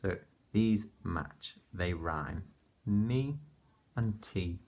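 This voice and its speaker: A deep-voiced male teacher takes his time, drawing out each letter sound as he walks little ones through a rhyming lesson. His voice is low and slightly husky, gentle and unhurried, with warm praise between the words. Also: lively intonation. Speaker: primary school teacher. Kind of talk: phonics lesson for young children.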